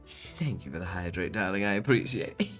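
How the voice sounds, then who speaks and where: A VTuber streamer in casual live-stream chat, giggling and rambling while answering chat. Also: sits low.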